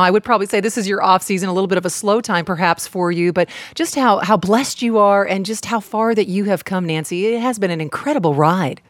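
A woman's voice: mid-range voice, dry recording. A woman interviewing a guest, asking upbeat, complimentary questions.

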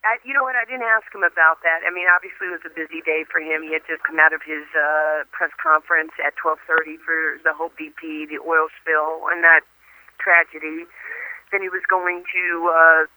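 Sharp-voiced woman telling lively anecdotes. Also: low-pitched, a little fast, rough recording. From New York. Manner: lively anecdotes, laughs often. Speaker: interview guest, former athlete. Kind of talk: phone interview, storytelling.

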